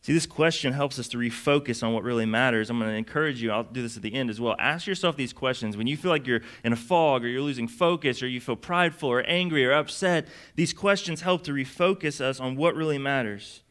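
A man's voice: medium pitch, quick pace, few pauses, a bit bright. A young adult man preaching a sermon as pastor, in a casual, conversational way with lots of fillers.

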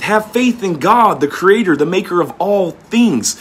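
Husky, folksy preaching man. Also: sits high, lively intonation, a little slow, few pauses, a bit bright. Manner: reads old-fashioned verses, then riffs in plain folksy talk; stumbles and repeats words. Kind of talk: informal scripture teaching.

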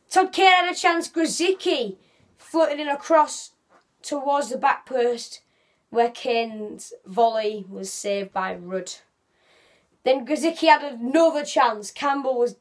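A woman giving a casual, rambling football match reaction as a fan vlogger, often correcting herself. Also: high voice.

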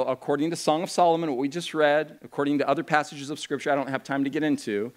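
Male pastor for a youth camp sermon. Fairly high voice with wide swings, animated and playful. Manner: animated, swings between slow solemn reading and quick joking asides.

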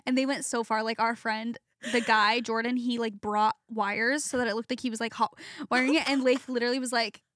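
A woman's voice: a little high, fairly even intonation, brisk, fairly bright tone, dry recording, clean studio sound. A young woman chatting as a podcast guest, telling stories in a chatty way full of "like". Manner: chatty, storytelling with lots of "like". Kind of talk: casual chat.

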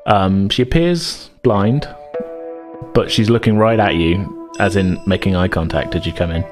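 A man's voice: sits low, unhurried. A man narrating as game master in a tabletop game, easygoing and full of fillers. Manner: casual, many uh fillers, easygoing. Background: background music.

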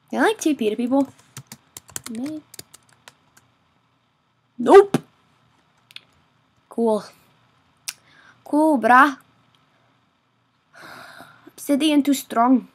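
Excitable high-voiced woman narrating gameplay. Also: drawn-out words, pauses often, slightly rough. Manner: excitable, exclaiming, self-mocking. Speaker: gaming video creator. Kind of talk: casual gameplay commentary.

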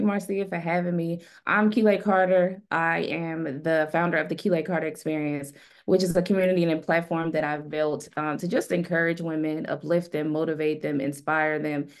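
A woman panelist introducing herself in an earnest, encouraging way. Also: sits low. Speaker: panelist, community founder.

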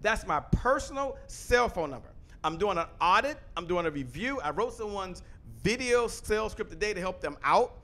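Loud fast-talking man pitching to camera. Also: animated. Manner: loud, fast-talking, emphatic, repeats phrases. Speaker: host. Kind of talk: energetic sales pitch to camera. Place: home studio with a photo wall backdrop.

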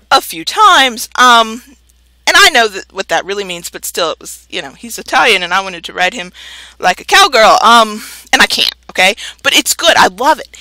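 Frank, lively woman podcast host. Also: mid-range voice, dry recording, rough recording. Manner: frank, animated and joking. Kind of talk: candid podcast monologue.

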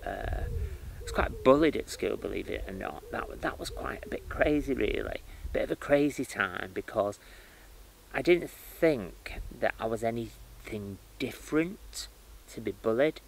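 A man who works as a spiritual medium, telling his life story in an interview with lively starts and restarts. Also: medium pitch, unhurried, creaky, a little hiss or hum, poor audio. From United Kingdom. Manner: animated storytelling with many restarts and fillers.

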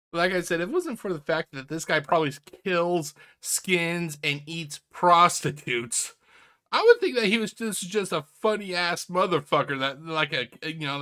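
Lively, bright-voiced man mocking a clip. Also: on the high side, measured pace. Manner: laughing often, mocking, profane, addressing viewers as ladies and gentlemen. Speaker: host reacting to a video. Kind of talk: casual reaction commentary.

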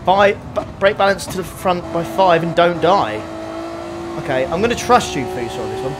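Chatty streamer with a lively voice. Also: male voice, on the high side. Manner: chatty, self-mocking, quick to laugh. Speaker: sim racing streamer. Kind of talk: casual live-stream racing commentary.

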